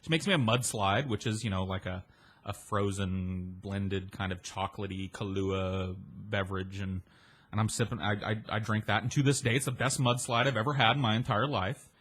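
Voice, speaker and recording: A man's voice: fairly low pitch, fairly even intonation, moderate pace, fairly bright tone, slightly rough. A man spins a long personal anecdote in an easy, rambling way. He backtracks, repeats words, and drops casual swearing. Now and then he lifts his voice to play the people in his story.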